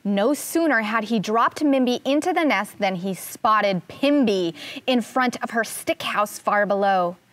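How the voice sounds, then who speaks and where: A woman teaching first grade, reading a picture book aloud in a slow, expressive way and asking the children questions. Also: medium pitch, no room sound.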